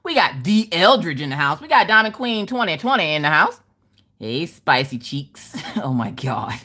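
Her voice sits low, sing-song and sharp-toned, moving at a moderate pace as she hosts a casual crafting livestream. She calls viewers by name and reads their comments aloud with playful laughter.

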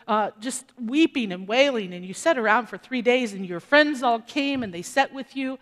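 A woman's voice: a little high, in a large hall. A woman pastor preaching a sermon in a conversational way and putting questions to the congregation. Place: church sanctuary.

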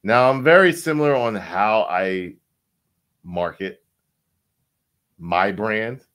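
A man casually breaking down crypto price charts, animated and repetitive, swearing now and then. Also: slow. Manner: animated, repetitive, swears, sweeps between loud and low.

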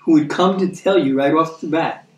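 A man with an American accent giving a conversational sermon, earnest, repeating words for emphasis and reading scripture slowly. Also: fairly high pitch. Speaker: preacher. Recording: echoey room, mic at a distance.

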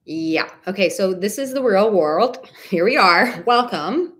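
A woman's voice: mid-range voice, lively intonation, unhurried. A woman relationship coach answering viewers' questions in a live stream Q&A, candid and emphatic, casually swearing and calling viewers honey and darling. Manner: warm pet names for viewers.

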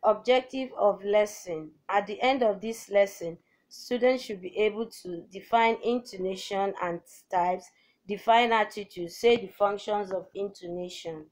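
A woman teacher giving a formal televised lesson, reading out each point of her outline in a measured, deliberate way. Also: mid-range voice, a little mellow.

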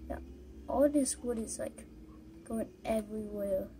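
A woman giving casual gameplay commentary while playing, halting and exasperated, with many fillers. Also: medium pitch, dark tone, slight background noise. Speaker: gamer recording gameplay.

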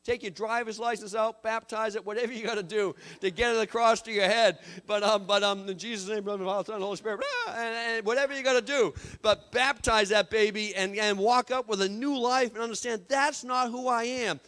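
Man, pastor, high voice, fervent sermon, church, repeats himself for emphasis. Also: normal speed, hardly any pauses, fairly bright tone. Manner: impassioned, repetitive preaching with restarts. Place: church sanctuary.

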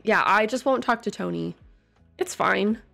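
A young woman casually commenting on a life-sim game she plays, her voice hoarse and congested, breaking into loud squeals of alarm now and then. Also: medium pitch, measured pace. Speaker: gaming streamer. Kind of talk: casual let's-play commentary. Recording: faint game music behind.

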